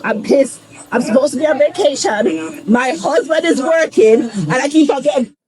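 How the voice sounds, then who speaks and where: A woman's voice: sits high, expressive, normal speed. A woman arguing with police in a rambling, defiant, agitated way, picked up by an officer's body camera. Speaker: arrested suspect. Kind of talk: heated confrontation with police. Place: theme park, among guests. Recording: bodycam audio with crowd noise.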